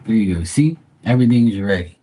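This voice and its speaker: A man's voice: fairly low pitch, a little fast. A middle-aged man hosting a live stream from home, ranting casually and profanely about his worrying parents. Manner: exasperated, profane, animated storytelling. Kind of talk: casual rant to viewers. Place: at home by a running dryer.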